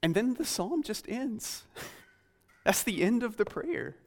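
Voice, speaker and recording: Male preacher, fairly high voice, earnest and questioning, slows for scripture, long hall reverb. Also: very animated. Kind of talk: sermon.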